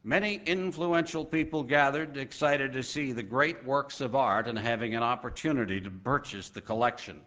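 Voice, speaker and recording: A male preacher telling a sermon story with dramatic pauses and slow emphasis. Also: medium pitch, fairly bright tone.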